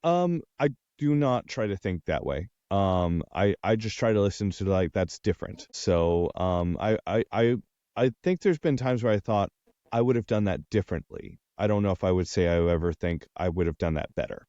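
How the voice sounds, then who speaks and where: Low voiced guy from texas, audiobook narrator, lots of ums, dull dry audio. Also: animated, moderate pace, mellow, no room sound. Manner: hesitant, many ums and uhs. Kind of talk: casual interview chat.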